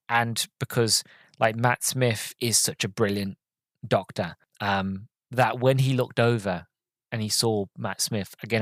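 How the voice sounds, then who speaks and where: A man's voice: mid-range voice, fairly bright tone, no room sound. Emotional man reviewing a film. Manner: emotional, enthusiastic, rambling. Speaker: podcast host. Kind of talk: casual film review monologue.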